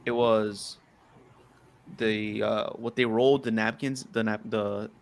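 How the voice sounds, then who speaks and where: A young man hosting a podcast in casual chat, animated, saying "bro" and "yo" a lot. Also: lowish voice, slow. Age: young adult. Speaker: podcast host.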